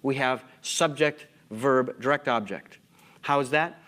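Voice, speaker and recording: A man's voice: medium pitch, a little slow, pushed and bright. A man giving a conference lecture, emphatic and full of questions to the audience. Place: conference hall.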